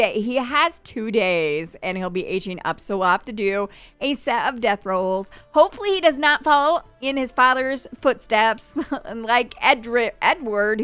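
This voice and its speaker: A woman hosting a let's play, chatty and excitable, with gasping reactions. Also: fairly high pitch, clean tone, no room sound. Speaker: gaming channel host.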